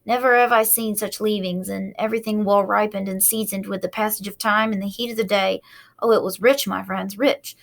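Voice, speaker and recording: A woman doing a husky gloating rat. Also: mid-range voice, steady tone, a little fast, close to an everyday voice. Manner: snarling, gloating. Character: greedy gluttonous male rat, sneering.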